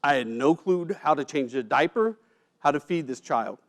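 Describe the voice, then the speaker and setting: A man giving a personal storytelling speech at an event, emotional, with dramatic pauses and quiet drops at heavy moments. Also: a little high, lively intonation. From United States. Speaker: keynote speaker. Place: event stage.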